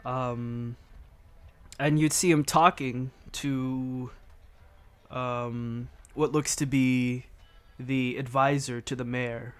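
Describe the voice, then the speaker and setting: Slow, halting man running a game. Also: mid-range voice, level tone, clear, resonant tone, soft background music. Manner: halting, self-correcting narration. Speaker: game master. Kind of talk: narrating a tabletop game.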